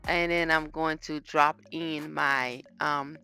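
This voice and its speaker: A woman with a low voice and a bright, forceful tone talks viewers through a home-cooked meal. She chats easily and speaks straight to the camera, which sounds like a phone. Soft music plays faintly underneath. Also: fairly even intonation, takes it slowly, clear, resonant tone. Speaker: cooking vlogger. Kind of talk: casual cooking vlog chat. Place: home kitchen.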